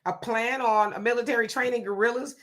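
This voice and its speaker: Bright, fairly high woman, casual livestream chat, laughing and playful. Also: steady tone, fairly quick. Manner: laughing, playful, reads viewer comments aloud. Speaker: livestream co-host reading chat.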